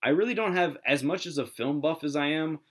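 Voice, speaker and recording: A man's voice: fairly high pitch, fairly quick. A man in his thirties co-hosting a podcast, chatting casually about a film and rambling with lots of fillers and restarts. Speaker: podcast co-host. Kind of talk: casual movie review chat.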